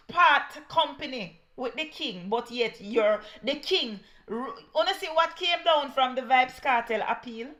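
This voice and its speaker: A woman's voice: sits high, expressive, measured pace, few pauses, bright, forceful tone. A woman with a Jamaican accent giving heated political commentary, scornful and mixing patois with English.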